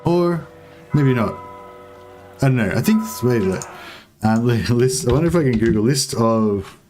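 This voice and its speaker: This young man has a mid-range, dark-toned voice with lively intonation and a moderate pace, backed by soft music. A gaming streamer, he casually comments on the strategy game he's playing, rambling, teasing viewers and dropping the odd swear word.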